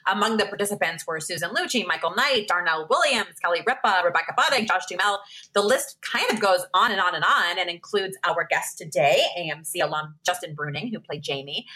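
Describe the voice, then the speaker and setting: Bright-voiced woman co-hosting a chat. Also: on the low side. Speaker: podcast co-host. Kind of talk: casual interview chat.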